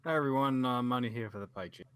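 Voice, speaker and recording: A man's voice: mid-range voice, quick pace, fairly bright tone. A man from New Zealand joining a casual video call, dry and self-mocking. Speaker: guest.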